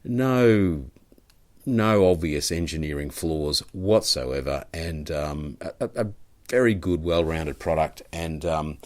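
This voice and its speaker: A middle-aged Australian man with an extremely deep, low voice hosts a relaxed conversation. He rambles, circling through fillers and restarts before landing his points. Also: slow pace. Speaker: podcast host. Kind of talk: casual conversational interview.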